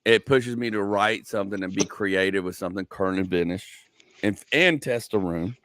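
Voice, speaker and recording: A male comedian hosting a casual podcast chat, telling stories in an animated way and repeating phrases. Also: lowish voice, normal speed, dry recording, studio quality.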